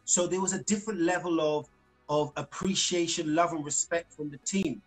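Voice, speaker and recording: A man's voice: fairly high pitch, fairly even intonation, moderate pace, soft background music, rough recording. A man, a singer, chatting as a guest in a live-streamed interview, telling stories with laughter and repeated phrases. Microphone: video call.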